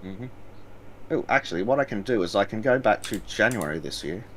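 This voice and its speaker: A man's voice: on the low side, fairly bright tone, a little hiss or hum. A young Australian man whose accent leans British, a guest chatting dryly on a gaming stream and chuckling often. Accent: British-tinged Australian. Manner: dry, chuckling, wry. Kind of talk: casual gaming chat.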